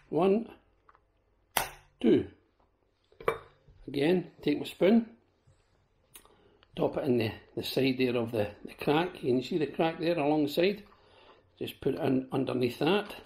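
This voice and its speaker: Scottish male vlogger with a sore throat, gravelly and mellow, chatty with viewers. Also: mid-range voice. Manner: chatty, addresses viewers as folks. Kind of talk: casual product demo.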